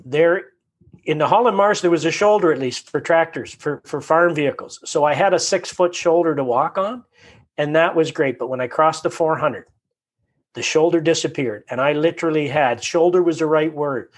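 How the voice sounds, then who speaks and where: A man tells a long personal story in an easy conversational way, his voice slightly husky and pitched a little high for a man. He gets animated and acts out the thoughts running through his head. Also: normal speed. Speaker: guest telling his story.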